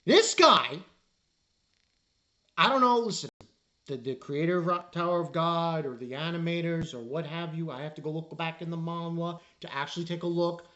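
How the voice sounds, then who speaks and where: A man's voice: on the high side, pushed and bright, highs cut off. Exasperated, rambling man reviewing anime. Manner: exasperated, rambling, halting with fillers. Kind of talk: casual spoken review.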